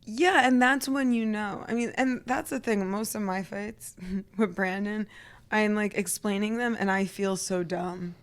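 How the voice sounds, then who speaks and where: A woman co-hosting a casual podcast chat, animated and laughing often, acting out what people said. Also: medium pitch, measured pace. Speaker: podcast co-host.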